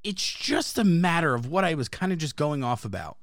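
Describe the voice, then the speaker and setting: A man's voice: on the high side, very animated, brisk, hardly any pauses, no echo. A man co-hosting a sports podcast in casual chat, swearing a lot as he rants like a frustrated fan. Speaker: podcast co-host.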